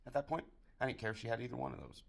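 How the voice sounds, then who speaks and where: A gravelly, mid-range voice belongs to a man from the United States who tells profane, dirty jokes in a rapid-fire comedic monologue. His delivery is dry and deadpan, like a joke teller at a bar.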